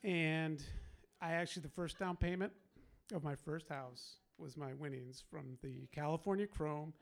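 A man's voice: on the high side, measured pace, vocal fry. A man telling a long personal anecdote in a casual way, laughing often and acting out the people he quotes. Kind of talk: casual storytelling.

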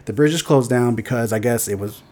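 A man co-hosting a podcast, telling a casual story in an animated, profane way and breaking into mock yelling. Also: mid-range voice, brisk. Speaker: podcast co-host.

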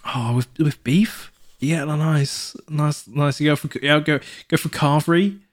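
A man with a fairly high-pitched voice speaks at a measured pace as a co-host on a casual podcast. He tends to ramble, restarting and correcting himself with many fillers, and adds put-on voices when telling anecdotes.

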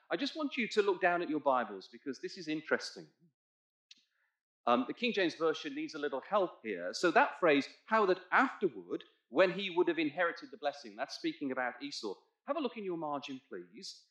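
A male preacher delivers an expository sermon, his fairly high voice swinging widely in pitch. He pushes hard on key points and draws back to quiet asides. The sound rings around a roomy church. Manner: expository, asks congregation to look in their Bibles; emphatic, swells loud on key points. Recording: echoey church hall.

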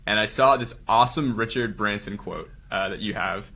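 Male podcast host, low bright voice, enthusiastic, stammers when excited. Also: moderate pace. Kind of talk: casual interview chat.

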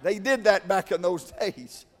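A man preaching a sermon, swinging between shouted, chanted climaxes and quiet, conversational asides. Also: sits high, a little slow. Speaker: pastor. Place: large church. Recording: long reverb of a church hall.

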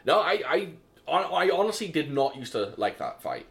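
Lively British man chatting films. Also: on the high side, moderate pace. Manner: animated, enthusiastic storyteller. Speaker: podcast co-host. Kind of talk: casual film chat.

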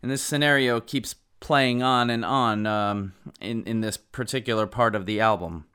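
A man preaching a sermon, earnest and emphatic, with halting asides. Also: medium pitch, bright, forceful tone, clear, resonant tone.

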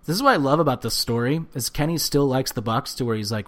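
A man co-hosting a casual wrestling podcast, ranting and swearing with animated bursts of shouting. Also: mid-range voice, fast talker. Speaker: podcast co-host. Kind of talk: casual wrestling recap chat.

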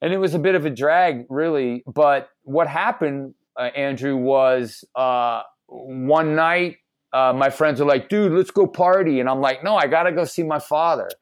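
A man's voice: medium pitch, measured pace, dry recording. A middle-aged man from Ohio tells his own life story as a podcast guest. His delivery is casual and slangy, full of "like" and "dude". His voice sits in an ordinary middle register, recorded close and dry with no room sound.

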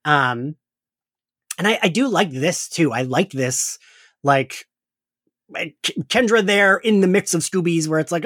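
A man's voice: on the high side, lively intonation, unhurried, pauses often, fairly bright tone, no echo, studio quality. A man co-hosting a casual podcast chat, talking loosely with lots of fillers and frequent laughs. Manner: chatty, laughs often, many fillers. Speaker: podcast co-host.

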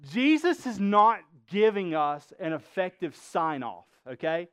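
A man's voice: sits high, very animated, a little slow, a bit bright, smooth, dry recording. A male pastor preaching a sermon, emphatic, quizzing the congregation with rhetorical questions.

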